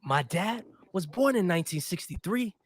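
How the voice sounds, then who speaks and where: A man's voice: high-pitched, lively intonation, normal speed, slightly rough. A man co-hosting a commentary show, giving blunt, opinionated takes. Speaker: co-host. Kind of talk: casual commentary.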